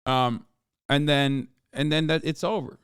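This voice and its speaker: A man's voice: a little high, fairly even intonation, measured pace, fairly bright tone, clear, resonant tone, no room sound, clean studio sound. A man hosting a livestream, reacting with sarcastic, rambling commentary full of "like" fillers. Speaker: streamer host.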